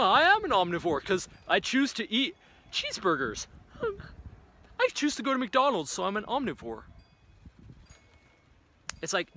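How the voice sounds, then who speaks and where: Animated, profane young man ranting. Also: sits high, slight background noise. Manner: animated, profane, acts out imagined voices. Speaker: vlogger. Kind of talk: profane opinion rant to camera.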